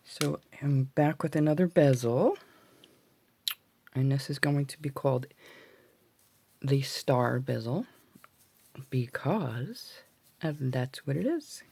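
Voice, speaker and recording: A man with a gravelly voice hosting a casual beading tutorial, chatty and muttering to himself as he works, recorded on a phone. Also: medium pitch, animated, slow, pauses often, a little mellow, a little hiss or hum. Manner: chatty, mutters to self while working. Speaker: jewelry tutorial host.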